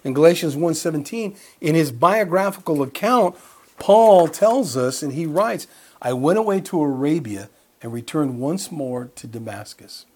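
A man's voice: a little high, animated, normal speed, breathy edge. A middle-aged man preaching a sermon, explaining scripture and telling personal stories with quoted dialogue in a casual, conversational way. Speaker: pastor.

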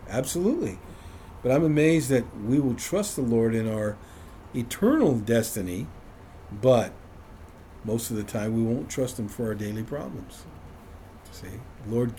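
A man's voice: medium pitch, dark tone, a little hiss or hum. A man leading an informal Bible study for a small group, conversational and self-deprecating, often chuckling.

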